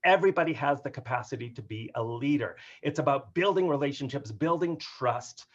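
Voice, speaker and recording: A man giving an upbeat, joking talk on workplace humor during a video call, with an animated and playful delivery. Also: medium pitch, fairly quick. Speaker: keynote speaker on workplace humor. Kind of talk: upbeat webinar talk with jokes. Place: home office on a video call. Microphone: video call mic. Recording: dull lo-fi video call audio.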